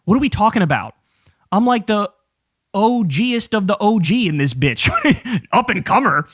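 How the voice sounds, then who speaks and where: A man in his thirties giving profane, animated reaction commentary as a political commentator on a live stream. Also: high voice, normal speed. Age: 30s.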